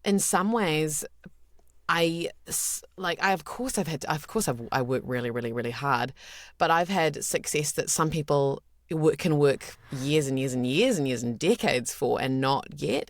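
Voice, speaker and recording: Low, gravelly New Zealand woman. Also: no room sound, clean studio sound. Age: 30s. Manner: earnest and candid, with many restarts. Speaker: guest voice actor. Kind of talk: casual interview chat.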